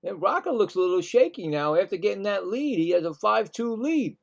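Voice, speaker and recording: A man doing live play-by-play commentary on a baseball game, chatty and excitable, getting louder on big plays. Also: sits high, gravelly, dull audio. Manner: acts out players' thoughts in quick asides.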